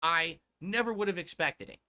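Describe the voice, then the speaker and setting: A man's voice: high-pitched, moderate pace, pushed and bright. A man talking to his stream audience in a sarcastic, lecturing way.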